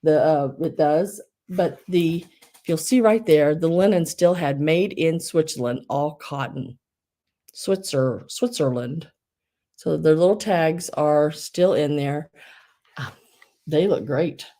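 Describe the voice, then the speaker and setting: A woman's voice: low voice, slow, warm tone. A woman hosting a live online sale, chatting casually, giggling often and restarting her sentences.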